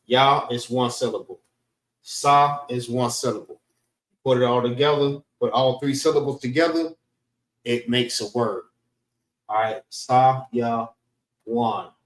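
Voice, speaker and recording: A man teaching a class in a slow, repeating way, often saying "all right" and sounding out words. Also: mid-range voice. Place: class room in a library. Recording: roomy echo, voice from far off the mic.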